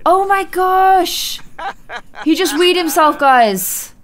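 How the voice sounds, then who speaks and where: A woman's voice: very high-pitched, expressive, slow. A young woman commentating a life-simulation game for her viewers, gushing and gasping often as she plays. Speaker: gaming channel host. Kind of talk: let's play commentary.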